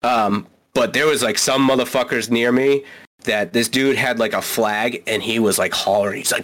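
A man's voice: medium pitch, moderate pace, a bit bright. A man in his thirties co-hosting a podcast, telling rambling stories in casual chat with lots of swearing and filler words. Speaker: podcast co-host.

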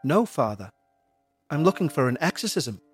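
A man's voice: fairly high pitch, sing-song, moderate pace. A frantic mother in a raised voice, pleading and stammering as she insists on being believed, as a male narrator puts her on. She comes from a spoken ghost story with faint music behind. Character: anxious pleading mother, middle-aged woman.

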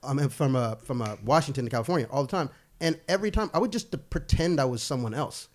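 A man's voice: medium pitch, quick pace. A man, a guest actor and writer, telling stories in casual chat, laughing often and swearing freely. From United States. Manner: animated storyteller, laughs a lot, swears freely.

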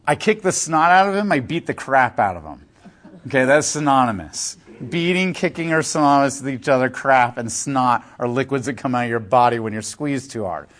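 A man teaching a class in a casual, explanatory way, with frequent fillers. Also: medium pitch. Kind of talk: classroom lecture.

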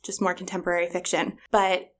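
A woman's voice: fairly low pitch, flat delivery, brisk. Chatty, laughing woman librarian. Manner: chatty, enthusiastic, laughs often. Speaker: children's librarian. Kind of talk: casual podcast chat.

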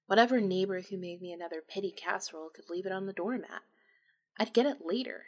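A woman reads a first-person ghost story aloud. Her delivery is intimate and confessional, with a mid-range pitch. She sounds emotional as she tells it. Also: fast talker, a little mellow. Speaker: narrator.

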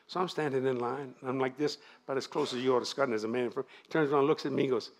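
An older man, preaching at a revival, moving from fervent shouted prayer to folksy storytelling. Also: medium pitch, racing. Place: church sanctuary.

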